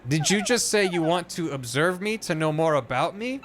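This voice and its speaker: A man voicing a feisty young princess in a raised falsetto. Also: expressive, moderate pace, fairly bright tone. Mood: earnest.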